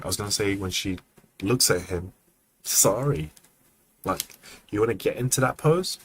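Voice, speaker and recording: A man giving casual feedback on student animation during a livestream, relaxed and chatty, thinking aloud with frequent ums and acting out poses as he explains. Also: low-pitched, breathy edge. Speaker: animation mentor reviewing student work.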